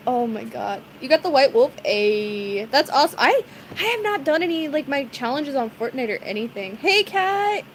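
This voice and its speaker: A woman's voice: high voice, big pitch swings, moderate pace, a little hiss or hum, poor audio. A woman streamer chatting casually with her viewers, giggling often and greeting people in the chat by name. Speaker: live streamer.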